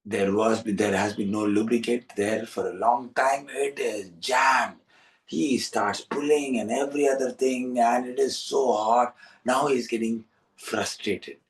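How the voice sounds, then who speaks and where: A man, hosting a storytelling session for young listeners in an animated, repetitive, coaxing way. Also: mid-range voice, unhurried, far from the mic, low-quality recording. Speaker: storyteller and host.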